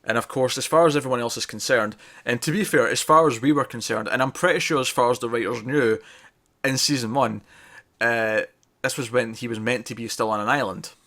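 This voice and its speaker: A man's voice: medium pitch, fairly quick, fairly bright tone. A man co-hosting a casual TV review chat, rambling and correcting himself, often laughing. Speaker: podcast co-host reviewing TV.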